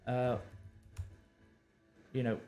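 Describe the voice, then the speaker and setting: A man's voice: very slow, mellow, faint music behind. A male novelist on a live stream, talking through his writing with many fillers and restarts and reading draft lines aloud. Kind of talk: thinking aloud while drafting.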